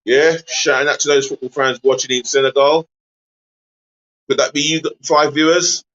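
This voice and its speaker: A man hosting a live football watch-along stream, chatty and easily exasperated, giving viewers shout-outs. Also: mid-range voice, fairly even intonation, normal speed, muffled recording.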